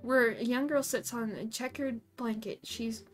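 A woman's voice: fairly high pitch, fairly even intonation, unhurried, faint music behind. A woman streaming a game, chatting casually and reading its text aloud, giggly and self-mocking with lots of fillers.

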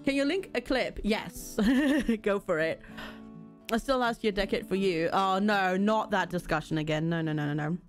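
A woman's voice: medium pitch, moderate pace, soft background music. A woman streaming a game, chatting casually and giggling as she answers her viewers. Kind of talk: casual live-stream chat.

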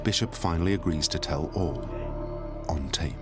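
A man narrating a documentary from a script in a measured, grave way. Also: rumbling low, over loud music. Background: loud documentary score.

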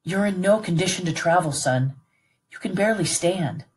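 A woman's voice: fairly low pitch, lively intonation, moderate pace, darkish tone, close to an everyday voice. A woman reading aloud who voices a protective middle-aged father, talking earnestly and reassuringly to his son. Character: protective British plantation father, middle-aged man, steady. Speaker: read-aloud narrator voicing a character.

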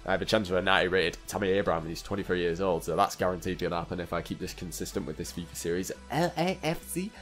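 A man's voice: sits low, expressive, fast talker, hardly any pauses, fairly bright tone, soft background music. A young man chatting and joking through football game commentary, often talking to the players on screen. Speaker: gaming YouTuber. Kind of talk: casual gameplay commentary.

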